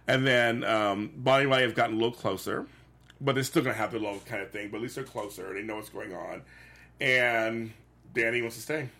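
A man's voice: medium pitch, brisk, sharp tone. A man in a casual chat recapping a sitcom episode, rambling with many restarts and fillers. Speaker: podcast co-host.

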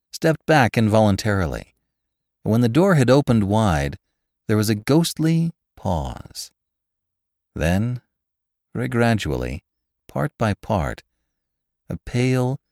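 A man narrating a classic novel in a measured, expressive reading. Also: fairly low pitch, dry recording, clean studio sound. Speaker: audiobook narrator.

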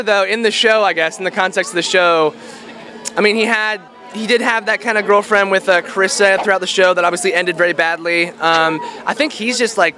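A young man, a voice actor, answering interview questions in a relaxed, rambling way with many fillers, outdoors at a public venue. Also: high voice. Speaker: voice actor guest. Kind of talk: casual interview.

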